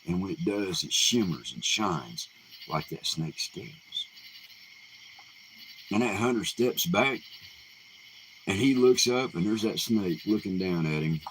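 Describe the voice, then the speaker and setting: A man casually retelling folk tales in an unhurried, folksy way, full of fillers and restarts. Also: lowish voice, slight background noise, poor audio. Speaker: live Q&A host. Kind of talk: casual oral storytelling.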